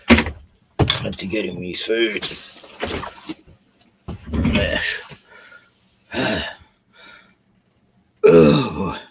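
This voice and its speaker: Slow, gravelly older Australian man. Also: medium pitch, slight background noise, rough recording. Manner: sweary, sighing, laughs through his story. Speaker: vlogger. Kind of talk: casual rambling anecdote.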